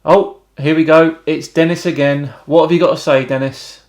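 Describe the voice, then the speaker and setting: A British man hosting a YouTube channel, reading out viewer comments and answering them with wry, deadpan remarks. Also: a little high, normal speed, few pauses, heavy background noise. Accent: British English. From Britain.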